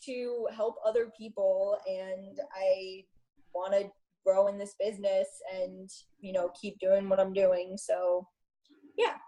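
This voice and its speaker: A woman's voice: medium pitch, little pitch movement, takes it slowly, warm tone, rough recording. A young adult woman, a new coach being interviewed, who rambles in a chatty way and often laughs at herself. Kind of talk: casual interview.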